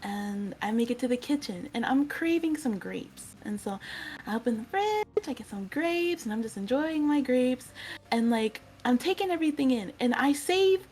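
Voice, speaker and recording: A young woman guest telling a casual, animated story with lots of giggles, acting out her own reactions. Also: high voice, moderate pace. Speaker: interview guest, virtual streamer.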